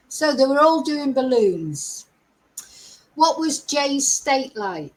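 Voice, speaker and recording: On a roughly recorded livestream, a middle-aged true crime host speaks very slowly in an animated, high-pitched voice. Her commentary is chatty and exasperated, with laughter between comments.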